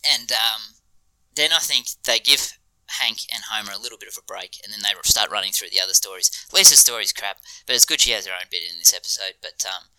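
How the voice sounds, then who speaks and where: Enthusiastic man, bright dry voice. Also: on the low side, fast talker, clear, resonant tone, dry recording, rough recording. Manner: enthusiastic, laughs often, frequent ums. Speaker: podcast co-host. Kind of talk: casual chat reviewing a TV episode.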